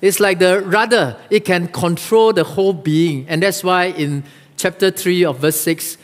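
A male pastor preaching a sermon in a church, lively and acting out the Bible quotes. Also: a little slow. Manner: animated, acts out Bible quotes with rising pitch. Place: church sanctuary. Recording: long reverb of a large hall.

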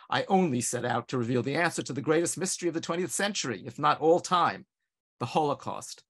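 An older man from Long Island, United States, narrates a true story as a presenter. His mid-range voice builds and drops with theatrical emphasis, slowing to linger on key phrases. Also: mid-range voice, a bit bright, breathy edge. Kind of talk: scripted dramatic narration.

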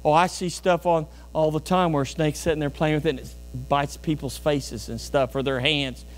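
A man preaching a sermon as pastor in a church, emphatic, with sudden loud bursts and folksy storytelling asides. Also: fairly high pitch, steady tone, moderate pace, a little hiss or hum. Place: church sanctuary.

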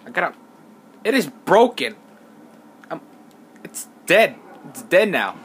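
A man's voice: sits high, sing-song, slow pace, slightly rough. A man giving casual let's play commentary while he plays, rambling and mocking himself, sometimes mumbling words over and over under his breath. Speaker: gamer.

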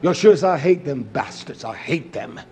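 A man preaching a sermon with passion, his delivery swinging from hushed, low phrases to shouted outbursts. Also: expressive, moderate pace, slight background noise.

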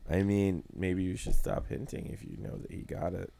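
Deep gravelly man, lively swings, teasing banter. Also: normal speed. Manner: teasing, wisecracking. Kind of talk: casual chat.

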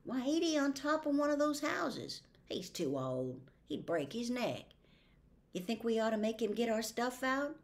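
A tense, protective teenage boy looking after his younger sister, voiced by a woman reading aloud. He talks with urgency in a slow storybook reading. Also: on the high side, big pitch swings, voice pushed up. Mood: reassuring. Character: anxious teenage boy, protective older brother. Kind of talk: audiobook reading.

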